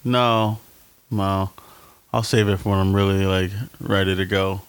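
A man co-hosting a podcast, chatting casually, teasing his partner and laughing often, now and then jumping into a falsetto. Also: level tone, a little slow, clear, resonant tone. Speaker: podcast co-host. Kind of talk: casual banter.

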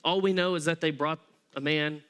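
A man preaching a sermon as pastor, conversational and animated, acting out the people in the story as he tells it. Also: fairly high pitch, moderate pace, clean tone. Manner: acts out voices of people in the story.

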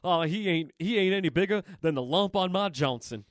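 A man putting on the low, drawling voice of an aging male rock-and-roll king. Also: lively intonation, brisk, no room sound, studio quality. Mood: cocky.

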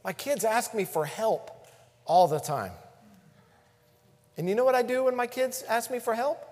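A man with a high voice preaches a sermon to his congregation. He swings between hushed, intimate passages and loud emphasis. His voice rings with the long reverb of a large hall. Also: normal speed. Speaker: pastor.

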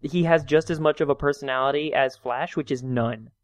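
A man's voice: medium pitch, fairly quick, no echo. A man co-hosting a casual chat podcast, joking, rambling and laughing often. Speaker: podcast co-host.

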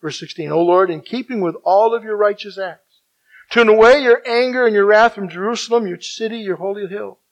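A man delivers a sermon with emphatic repetition of key phrases, swinging between loud declarations and hushed, near-whispered passages. His voice sits high, he speaks a little fast, and the recording is rough.

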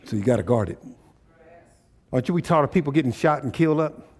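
A man preaching a sermon in a call-and-response style, often climbing into loud exhortation. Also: mid-range voice, animated, fast. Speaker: pastor.

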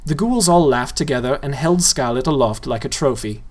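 A playful storyteller reading a novel aloud and speaking straight to the listener. The voice rises and falls with lively, musical phrasing. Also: mid-range voice, normal speed.

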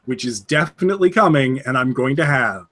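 A man's voice: mid-range voice, lively intonation, fairly quick, a bit bright, no room sound. Dry-voiced man podcast co-host. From United States. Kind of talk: casual chat.

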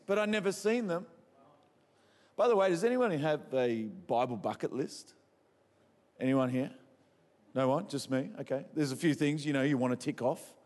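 An Australian man preaching and telling funny stories, asking the crowd questions and poking fun at himself. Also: mid-range voice. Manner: animated, quizzes the crowd, self-mocking. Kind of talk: humorous sermon storytelling. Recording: echoey hall.

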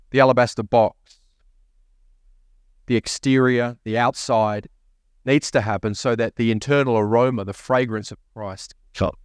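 A man's voice: medium pitch, no room sound, clean studio sound. A man preaching a sermon as a pastor, repeating key phrases and asking rising questions. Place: church.

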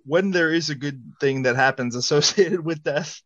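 A man playing a tabletop game, casual in tone, with a slightly high voice. The sound is dry and a bit dull. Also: normal speed, fairly bright tone, dry recording. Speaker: player.

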